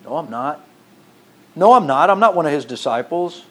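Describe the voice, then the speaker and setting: A man's voice: a little high, lively intonation, moderate pace, fairly bright tone. A man preaching who briefly acts out a frightened man stammering that he is not one of them. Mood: flustered. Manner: stammering, defensive denials. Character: frightened man denying he knows someone.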